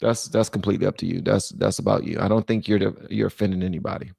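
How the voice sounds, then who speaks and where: Gravelly man ranting on a livestream. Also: quick pace, no room sound, studio quality. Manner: animated, switches between loud rants and low muttering. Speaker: livestream host. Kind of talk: casual political commentary livestream.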